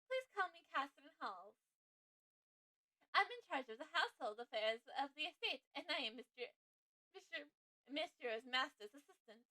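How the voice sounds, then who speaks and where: Gal putting on a super high sing-song housekeeper lady, gushy and polite, bright tone. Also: sing-song, moderate pace, pauses often, heavily acted. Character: bubbly woman housekeeper, TV sweets star.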